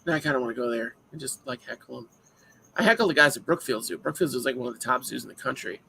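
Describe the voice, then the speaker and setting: A man co-hosting a casual podcast chat, an animated storyteller who acts out his own shouts. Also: medium pitch, racing, creaky, a little hiss or hum, low-quality recording. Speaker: podcast co-host.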